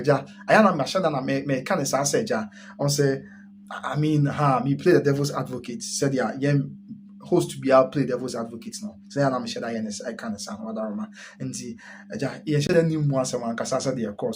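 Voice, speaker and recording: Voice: mid-range voice, a little hiss or hum. A host with a Ghanaian accent chatting casually on a live stream, mixing Twi and English while reading viewer comments. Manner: chatty, mixes Twi and English, laughs often.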